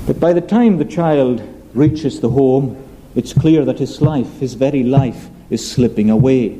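A male pastor preaching a sermon in an earnest, measured way, slowing down on emphatic phrases. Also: a little high, dark tone, rough recording.

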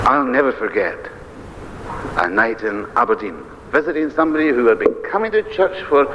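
An older man, a minister preaching an earnest, emphatic sermon. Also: mid-range voice. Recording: dull lo-fi archive recording with faint hiss.

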